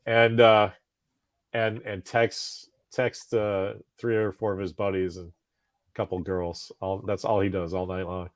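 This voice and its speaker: A man in his forties co-hosts a podcast in a low, level, unhurried voice, captured with studio quality and no echo. He chats casually, rambling in a self-deprecating way and laughing often.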